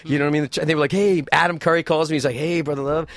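A man's voice: a little high, racing, vocal fry, dry recording. A man co-hosting a podcast, swearing freely and acting out quotes as he tells stories in casual chat. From New York City. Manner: profane, animated, acts out quotes. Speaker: podcast co-host.

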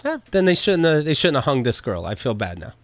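Man, talk show co-host, exasperated, sarcastic, animated pitch, dry room. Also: brisk, no room sound. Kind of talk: casual chat.

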